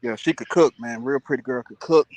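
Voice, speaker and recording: A man's voice: fairly quick, a little mellow, no echo. A man chatting casually on a livestream, telling stories with lots of laughter and playful impressions of his friends. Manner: laughing storyteller, mimics friends in a high voice. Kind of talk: casual chat.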